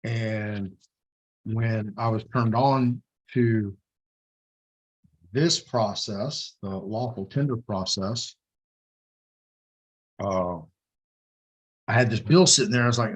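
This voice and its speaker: Husky Texan man telling a story. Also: fairly low pitch, takes it slowly, long pauses. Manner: animated storyteller, acts out quoted dialogue. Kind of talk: casual live-stream chat.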